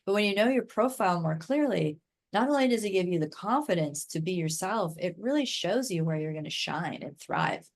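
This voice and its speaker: A woman's voice: lowish voice, animated, a little fast. A woman from the United States, a guest expert on a podcast, talking enthusiastically in long chatty runs full of "like" and "right?". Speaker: guest expert in human design. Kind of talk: casual podcast interview.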